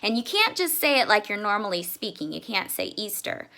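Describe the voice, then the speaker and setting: A woman teaching young children, patient and sounding out words slowly. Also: medium pitch, big pitch swings, gravelly, pushed and bright. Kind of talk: children's lesson.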